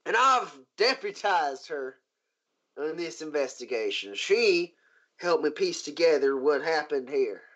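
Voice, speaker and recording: A man voicing a gruff, blunt frontier woman marshal with a folksy drawl in a tabletop game. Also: fairly high pitch, expressive, measured pace, fairly bright tone, lo-fi sound. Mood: matter-of-fact. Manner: folksy drawl, rough grammar.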